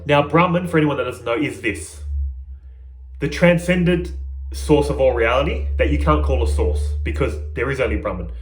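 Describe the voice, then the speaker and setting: A man's voice: mid-range voice, moderate pace. Earnest man teaching in an echoey room. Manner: earnest, conversational, addresses viewers as guys. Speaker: spiritual teacher. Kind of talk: informal spiritual teaching.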